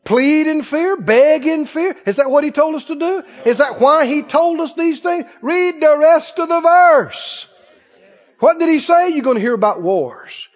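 A man. He repeats his phrases for emphasis, and his pitch swings widely. The sound is dull and rings with a long church-hall echo. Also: expressive, a little slow. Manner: emphatic, repeats phrases, mimics other voices. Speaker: preacher. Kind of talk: sermon.

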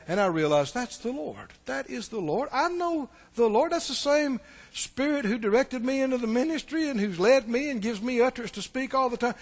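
A man with a very high voice preaches a sermon in a hall with a long reverb. He tells stories and swings between loud passages and hushed asides. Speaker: pastor.

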